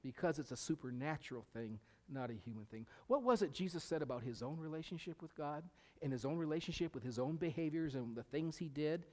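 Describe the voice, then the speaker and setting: A man's voice: on the high side, expressive, a little fast, few pauses, darkish tone. A middle-aged male pastor preaching a sermon, emphatic, repeating key phrases and sometimes dropping to a whisper. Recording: long reverb of a hall.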